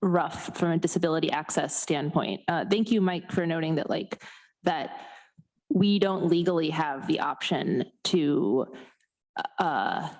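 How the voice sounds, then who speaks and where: Young woman legislator, chatty, hesitant, slightly low voice. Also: unhurried, darkish tone. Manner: chatty, hesitant, many fillers. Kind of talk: meeting discussion. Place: council chamber.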